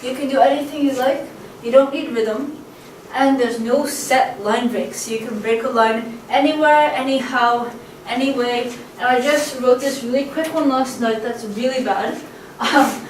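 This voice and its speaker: A poetry teacher with a fairly high voice gives a casual, chatty lecture, steady in tone and measured in pace, full of ums and uhs as she taps out stress patterns aloud. She is recorded by a camcorder in an echoey room, standing away from the mic, with a faint hum in the background.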